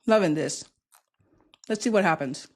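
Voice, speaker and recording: A woman's voice: lowish voice, animated, normal speed, darkish tone. An American woman vlogging a casual, outspoken reaction to the news, sassy and gleeful as she comments. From United States.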